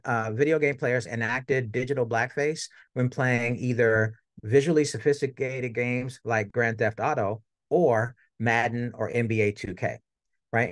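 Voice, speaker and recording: A man's voice: medium pitch, no echo, studio quality. A middle-aged man giving an academic lecture in a conversational way, often checking in with "right?". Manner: conversational, tags points with "right?".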